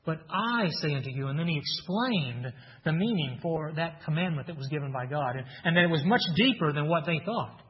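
A man's voice: fairly high pitch, lively intonation, a little fast. A man preaching a sermon in an earnest teaching tone, asking rhetorical questions and reading scripture aloud. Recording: dull sound with long hall reverb.

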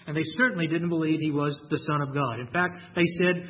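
A man preaching a sermon, emphatic and deliberate, slowing down and stressing key lines, sometimes repeating words as he restarts. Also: a little high, steady tone. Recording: dull lo-fi recording.

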